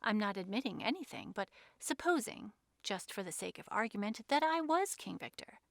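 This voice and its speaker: A woman voicing an unflappable, amused gentleman who talks lightly and teasingly. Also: mid-range voice, big pitch swings, moderate pace, vocal fry, no echo, clean studio sound.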